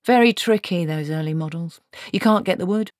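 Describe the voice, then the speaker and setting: A woman voicing a fussy, evasive male dwarf craftsman who talks slowly and deliberately. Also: fairly low pitch, darkish tone, dry recording, studio quality, close to an everyday voice. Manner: slow, deliberate, pondering.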